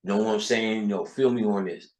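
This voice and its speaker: A man's voice: on the low side, quick pace, a little mellow, echoey room, rough recording. A man with a New York accent, talking in a profane, rambling, casual monologue full of street slang. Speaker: channel host.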